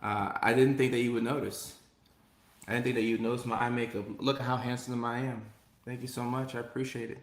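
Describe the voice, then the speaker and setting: A man's voice: mid-range voice, level tone, a little fast, echoey room. A man hosting a live stream, chatting casually and reading viewer comments, upbeat and prone to repeating himself. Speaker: host.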